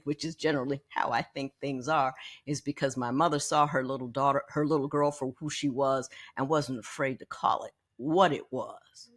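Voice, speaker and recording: A woman in her sixties hosting a podcast, telling a personal story in a candid, animated way and often repeating words as she thinks. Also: a bass voice, moderate pace. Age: 60s. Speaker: podcast host.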